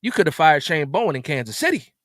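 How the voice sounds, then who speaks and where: Man, fairly high voice, exasperated live-stream rant, repeats himself, sudden loud bursts, dry close mic. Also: sing-song, fast, no room sound. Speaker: live stream host reacting to a game. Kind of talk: animated post-game rant.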